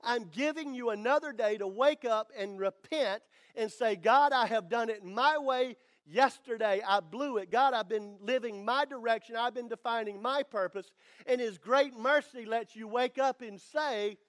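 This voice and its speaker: A male pastor with a strikingly high voice preaches to his congregation. He builds to emphatic declarations and leans on dramatic pauses. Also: fairly bright tone. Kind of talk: sermon.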